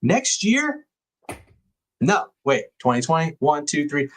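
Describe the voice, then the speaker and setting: A man's voice: fairly high pitch, big pitch swings, slow pace, fairly bright tone. A man co-hosting a casual podcast chat, speaking bluntly and agreeing often. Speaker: podcast co-host.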